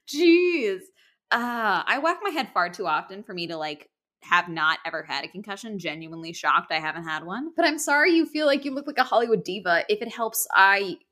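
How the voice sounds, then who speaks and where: A young woman hosting a podcast, chatting casually and reading listener emails with frequent giggles. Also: medium pitch. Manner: giggly, animated and self-deprecating. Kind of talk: casual chat.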